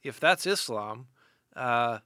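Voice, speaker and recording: Bright-voiced male radio host. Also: mid-range voice, lively intonation, takes it slowly, no echo, studio quality. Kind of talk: radio interview.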